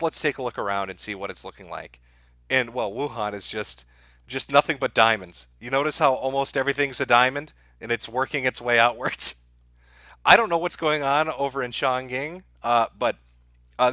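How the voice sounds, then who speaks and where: A middle-aged man hosting a live stream, his voice bright and forceful. He talks to his chat in a crude, mocking, deadpan way. The sound is dry and close on a desk mic. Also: mid-range voice, dry recording. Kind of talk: sardonic live-stream commentary.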